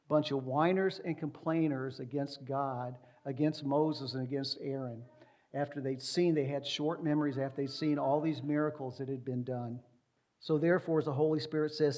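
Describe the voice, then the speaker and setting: A man's voice: on the high side, steady tone, moderate pace, darkish tone. A man preaching an expository sermon as pastor, speaking with emphasis, repeating key words and reading scripture aloud.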